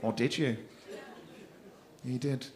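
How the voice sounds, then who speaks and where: A man doing stand-up crowd work on a comedy club stage, teasing audience members with quick-fire, sweary banter. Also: medium pitch, fairly even intonation, darkish tone. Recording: live club recording with crowd noise. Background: audience laughing.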